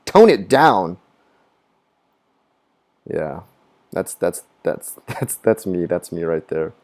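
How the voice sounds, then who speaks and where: A man on his live stream, chatting casually and rambling with a lot of swearing. He laughs at his own jokes and does high mocking voices of other people. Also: takes it slowly, warm tone. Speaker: gaming streamer. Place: living in Japan.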